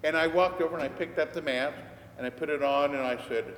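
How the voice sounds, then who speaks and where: A man's voice: fairly high pitch, quick pace, fairly bright tone. An older man, a priest, preaching a sermon as a conversational story and acting out the dialogue. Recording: echoey church hall, faint background noise.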